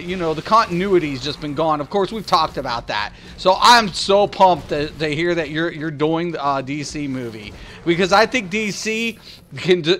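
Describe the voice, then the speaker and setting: A man streaming a game, chatting casually and excitedly with his viewers, with lots of restarts and fillers. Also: fairly high pitch. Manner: rambling, excitable, talks back to chat. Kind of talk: casual live-stream chat.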